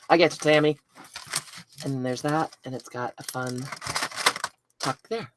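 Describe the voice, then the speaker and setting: A woman with a low voice hosts a live craft stream from home. She chats easily with viewers by name and laughs at her own slips. A faint hiss sits under the recording. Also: takes it slowly. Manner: chatty, self-deprecating, talks to viewers by name. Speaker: craft video host.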